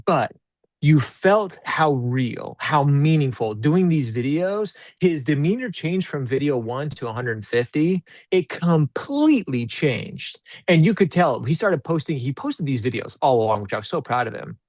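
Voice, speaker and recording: A man guest on an interview show, telling a coaching story in a casual, animated way. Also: on the high side, a little slow, dry recording, clean studio sound. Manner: animated, acts out quoted dialogue.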